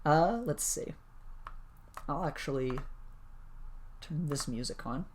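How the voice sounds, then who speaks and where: A woman's voice: low-pitched, takes it slowly, darkish tone, slight background noise. A woman running a tabletop superhero game, narrating casually with lots of fillers. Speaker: game master.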